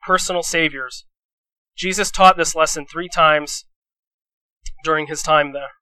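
A man's voice: fairly high pitch, fairly even intonation, unhurried, bright, forceful tone, clear, resonant tone, dry recording, low-quality recording. A man preaching a casual sermon, telling stories in a rambling, conversational way with many restarts.

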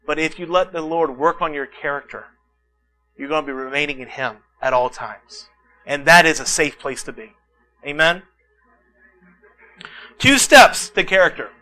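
A man delivering a sermon from the pulpit, his voice high and ringing. He tells lively personal stories, animated and acting out the voices of the people in them. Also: low-quality recording. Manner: animated storytelling, acts out quotes. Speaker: pastor.

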